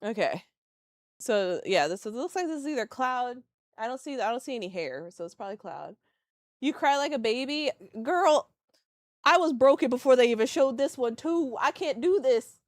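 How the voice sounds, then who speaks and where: A young woman streaming live, teary and excitable, rambling and giggling as she reacts. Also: high-pitched, normal speed, no echo, clean studio sound. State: teary from crying.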